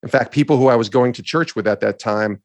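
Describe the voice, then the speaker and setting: A middle-aged man co-hosting a talk show, telling a story in an earnest, animated way and acting out the people he quotes. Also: mid-range voice, fast, no echo. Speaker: podcast co-host. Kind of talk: storytelling in a conversation.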